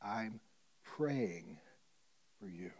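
A man voicing a calm, gentle woman teacher in a quiet, hushed way within a sermon story. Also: mid-range voice, unhurried, lightly acted. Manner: hushed and soft.

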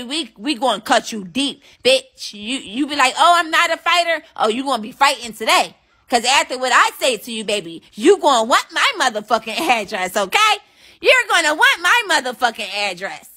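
Brash high-voiced woman livestreamer. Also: sing-song, moderate pace, pushed and bright. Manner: brash, profane trash talk. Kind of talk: casual livestream chat with viewers.

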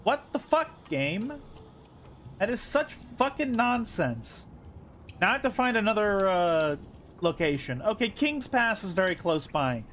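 A man's voice: high voice, very animated, measured pace, fairly bright tone, a little hiss or hum. A man streaming a game live, thinking aloud, counting under his breath and swearing when annoyed. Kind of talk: live gaming commentary.

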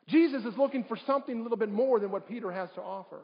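A man's voice: very high voice, rapid-fire, vocal fry. A man preaching a sermon as a pastor, often putting questions to his congregation. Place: church sanctuary. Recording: dull livestream audio in a reverberant church.

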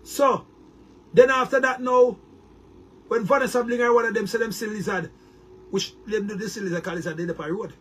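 A man's voice: high voice, fairly even intonation, a little fast, long pauses, fairly bright tone, breathy edge. A Jamaican man delivering a heated, boastful monologue to his viewers, repeating words and restarting often. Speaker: online commentator.

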